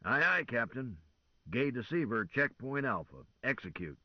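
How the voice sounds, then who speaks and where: A man voicing a dry, clipped male chief pilot with a husky voice. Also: mid-range voice, big pitch swings, normal speed, no room sound, muffled recording, voice pushed up.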